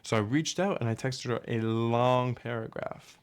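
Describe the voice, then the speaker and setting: A young man giving blunt, profane breakup advice in a casual monologue, animated and acting out his inner dialogue. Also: medium pitch, normal speed, few pauses, clean tone. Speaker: relationship advice talker.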